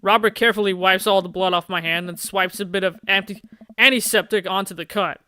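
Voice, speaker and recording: A man hosting a game playthrough, reading the game text aloud and joking around in a playful, excitable way. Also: high-pitched, a little fast, smooth. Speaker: gaming channel host. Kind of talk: let's play commentary, reading game text.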